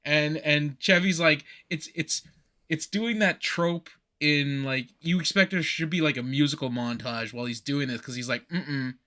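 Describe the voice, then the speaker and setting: Man, podcast co-host, casual chat, bright tone, animated, rambling. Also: fairly high pitch, normal speed. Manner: animated, laughing, rambling recaps. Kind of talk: casual chat about a movie.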